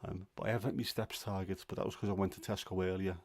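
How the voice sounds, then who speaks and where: A middle-aged man hosts a casual livestream from home, talking in a chatty, grumbling way and poking fun at himself. His voice sits on the low side. The sound is dry and close, with no room echo. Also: level tone, quick pace, gravelly. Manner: chatty, grumbling, self-deprecating. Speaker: livestream host. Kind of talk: casual chat.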